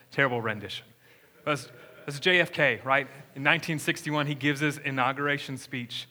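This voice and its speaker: A man's voice: mid-range voice, sharp tone. A young man preaching a sermon in a church, talking conversationally and asking the congregation questions. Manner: conversational, engages the room with questions. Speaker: pastor. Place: church sanctuary.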